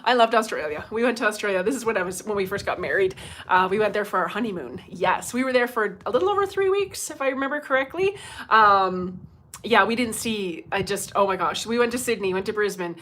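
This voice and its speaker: A woman's voice: mid-range voice, animated, fairly quick, a bit bright. A middle-aged woman hosting a casual livestream as a medium, chatty and laughing often as she greets viewers by name, speaking into her phone.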